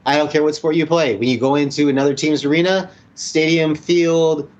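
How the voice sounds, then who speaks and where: Man, sports co-host, somewhat high pitch, animated, teasing, casual chat. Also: fairly quick, muffled recording. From Winnipeg, Canada. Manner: playful, teasing, provocative, animated. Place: indoors, dressed in shirt and tie.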